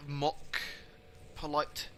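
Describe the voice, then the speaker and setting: A man's voice: extremely slow, a bit bright, faint music behind, rough recording. A man casually narrating a role-playing game, paraphrasing characters' lines in playful voices. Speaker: let's play narrator.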